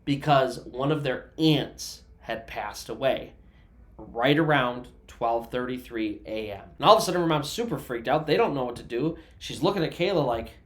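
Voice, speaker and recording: A man's voice: medium pitch, expressive, normal speed. A man narrating a true story in a casual, conversational way, with asides to the listener and everyday fillers.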